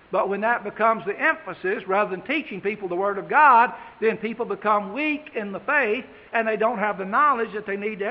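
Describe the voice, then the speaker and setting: A man preaching a sermon, reading scripture slowly with emphasis and then talking plainly to his congregation. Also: sits high. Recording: dull, echoey hall.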